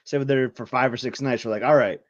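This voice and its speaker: A man's voice: medium pitch, steady tone, fast, no echo. A man co-hosting a podcast in easygoing casual chat, full of "like" fillers. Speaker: podcast co-host. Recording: dull lo-fi mic.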